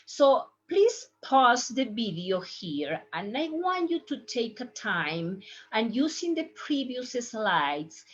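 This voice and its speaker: Young Ecuadorian-accented woman, Spanish teacher, slow and careful, animated pitch, slightly muffled recording. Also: husky. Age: young adult. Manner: slow, deliberate modeling of pronunciation. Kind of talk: slide-based language lesson.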